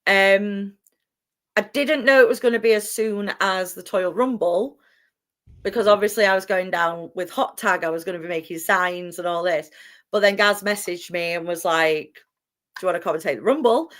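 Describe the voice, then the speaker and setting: A young woman from England, an expressive and excitable wrestling announcer answering interview questions with frequent laughter. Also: mid-range voice, normal speed.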